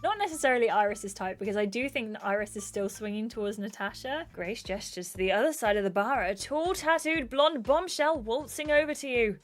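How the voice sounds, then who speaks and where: Brief: chatty gaming host, a woman with a fairly high voice, casual recap. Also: brisk, few pauses, soft background music. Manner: chatty, exclaiming. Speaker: gaming YouTuber.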